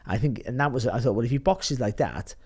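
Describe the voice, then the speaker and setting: Brief: man, boxing pundit, quick rambling delivery, mellow dark tone. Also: mid-range voice, lively intonation, slightly rough. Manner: rambling, restarts, swears freely. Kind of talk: casual panel chat.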